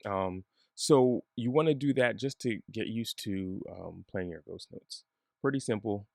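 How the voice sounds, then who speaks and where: A man giving a relaxed, chatty bass lesson, joking at his own expense. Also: unhurried, vocal fry, dry recording, clean studio sound. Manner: relaxed, chatty, self-deprecating. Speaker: bass teacher.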